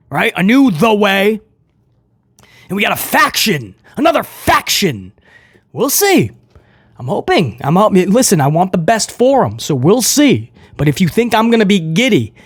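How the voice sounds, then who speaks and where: A man's voice: high voice, no echo, studio quality. A man reviewing a wrestling show, ranting with frustration in an emphatic, opinionated way.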